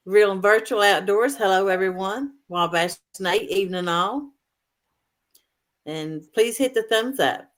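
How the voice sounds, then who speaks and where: A woman's voice: medium pitch, takes it slowly, pauses often. A woman hosting a fishing livestream, cheerfully reading out viewer comments and greetings. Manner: cheerful, laughing between comments. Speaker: livestream host reading chat.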